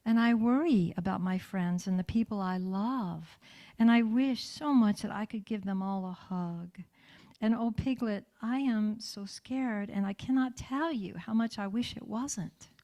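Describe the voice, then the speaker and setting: A woman's voice: medium pitch, unhurried, warm tone, lightly acted. Woman reading a scared little storybook bear, anxious and pleading, all his worries spilling out. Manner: breathless, pleading worry. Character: anxious, frightened male toy bear.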